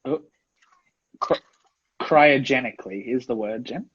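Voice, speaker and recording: A podcast co-host chatting casually, telling lively stories with lots of laughter. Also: medium pitch, measured pace, breathy edge, muffled recording. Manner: lively storyteller, laughs a lot. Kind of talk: casual chat.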